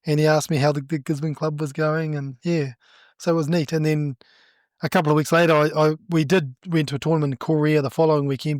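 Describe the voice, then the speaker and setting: A middle-aged man with a New Zealand accent, a judo coach telling stories in a casual interview, animated and laughing as he acts out what people said. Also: a little high, no echo, clean studio sound.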